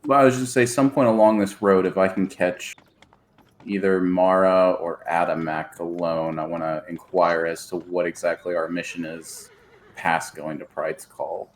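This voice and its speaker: A man playing a tabletop game, speaking casually and a little haltingly. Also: sits low, steady tone, a little hiss or hum. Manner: halting, repeats words. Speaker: player.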